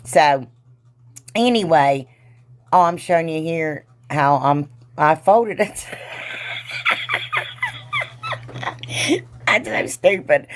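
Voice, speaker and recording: A woman narrates her home craft tutorial in a loose, chatty voice-over, her voice sitting a little on the low side. She rambles, trails off, pokes fun at herself and keeps calling her viewers "y'all.". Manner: rambling and self-teasing, often says "y'all"; loose and giggly, trails off mid-sentence. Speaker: craft channel host.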